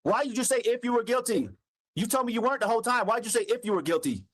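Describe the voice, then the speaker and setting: A man in a heated phone argument, yelling, cursing and accusing the other person of lying. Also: very high-pitched, animated, fast talker. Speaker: caller on a recorded phone call.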